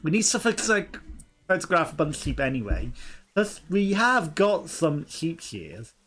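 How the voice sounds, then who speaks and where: Let's-play host, young man, chatty and giggly, fairly high voice. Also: sing-song, unhurried, fairly bright tone, slightly rough. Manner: chatty, laughing, reads game dialogue aloud. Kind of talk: casual gameplay commentary. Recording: game music behind.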